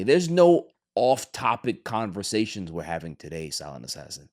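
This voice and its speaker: A man's voice: on the low side, sing-song, moderate pace. A man hosting a sports podcast, talking casually and rambling, with frequent restarts and fillers. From Queens, New York.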